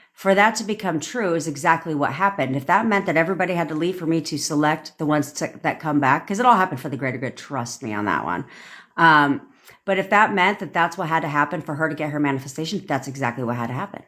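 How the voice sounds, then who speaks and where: A woman's voice: sits low, animated, fast, fairly bright tone. A woman manifestation coach on a livestream, ranting bluntly with swearing and acting out quoted lines. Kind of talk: livestream rant.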